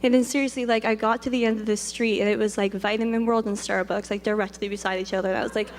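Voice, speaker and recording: A woman's voice: medium pitch, steady tone, fast talker. A young woman telling a personal story in a chatty, rambling way. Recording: long reverb.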